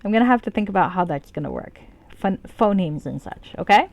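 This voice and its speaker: A woman's voice: medium pitch, lively intonation, a little fast, a little mellow. A woman streaming a game, chatting casually and rambling, swearing freely and joking about herself. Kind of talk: casual live-stream commentary.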